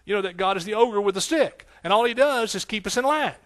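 A man's voice: sits high, lively intonation, quick pace, fairly bright tone. A man preaching a sermon as pastor, with emphatic, repetitive phrasing and frequent call-and-response questions to his congregation.

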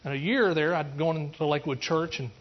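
An East Texas pastor gives an earnest testimony sermon, rambling through restarts before rising into emphatic preaching. His male voice sits on the high side and moves briskly, captured in lo-fi sound.

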